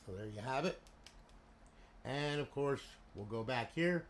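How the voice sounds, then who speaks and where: A man's voice: mid-range voice, lively intonation, measured pace. A man casually walking through a game console build he sells, chatty and full of "you know" and "okay" fillers. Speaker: console modder and seller. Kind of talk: casual product walkthrough.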